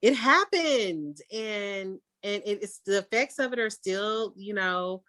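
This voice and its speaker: A woman's voice: mid-range voice, takes it slowly, no room sound. Candid, emphatic woman artist. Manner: candid, emphatic, swings into animated quoted outbursts. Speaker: artist and podcast host. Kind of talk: casual conversation.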